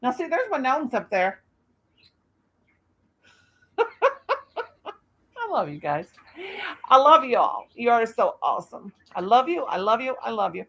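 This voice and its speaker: Woman in her fifties, casual live-stream chat, folksy, rambling, bright sharp voice. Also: fairly high pitch, very animated, normal speed, pauses often, slightly rough. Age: 50s. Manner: folksy, rambling, laughs at herself.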